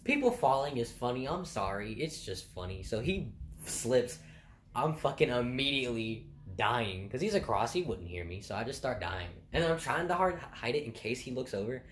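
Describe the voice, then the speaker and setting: A man's voice: mid-range voice, normal speed. Young man telling work stories, laughing. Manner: laughing, animated and profane. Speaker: vlogger. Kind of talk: casual storytelling. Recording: roomy with faint background noise.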